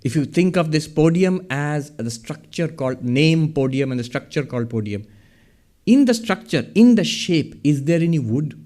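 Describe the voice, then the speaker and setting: A man's voice: a little high, animated, moderate pace, a little mellow. A man giving a public lecture from a podium. He explains ideas step by step and keeps asking the audience questions. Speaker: lecturer on Vedanta. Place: hall with a podium. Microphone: speaking at a podium.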